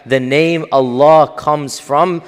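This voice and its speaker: A man's voice: on the high side, steady tone, takes it slowly. A man giving an explanatory lecture on Quran commentary, stressing Arabic terms with a lifted voice. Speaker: Islamic scholar lecturing. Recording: long hall reverb.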